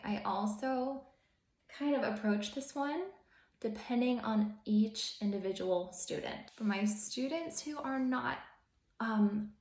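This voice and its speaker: A woman's voice: fairly high pitch, darkish tone. A young adult woman teacher hosting an upbeat instructional video, cheerful and encouraging with sing-song emphasis. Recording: echoey room.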